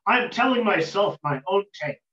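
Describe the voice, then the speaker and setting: A man's voice: sits high, expressive, brisk, sharp tone, pitched above the performer's own voice. A man doing a weary, humble old woodcutter. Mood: puzzled. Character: poor weary old male woodcutter, humble and put-upon. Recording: roomy dull lo-fi recording.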